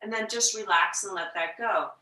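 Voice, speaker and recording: A woman teaching a yoga class, talking slowly and gently, sometimes dropping to a whisper to show the breath. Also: mid-range voice, distant mic. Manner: slow, gentle guiding with soft whispered breath demos. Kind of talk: guided yoga instruction. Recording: echoey room, voice from off-mic.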